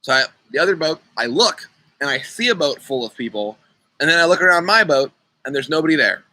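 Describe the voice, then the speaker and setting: A man's voice: a little high, animated, brisk, bright, forceful tone, poor audio. A young man leading an online youth group, chatting casually and playfully while he runs a riddle game over a video call. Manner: chatty, playful, talks to kids by name. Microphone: computer mic on a video call.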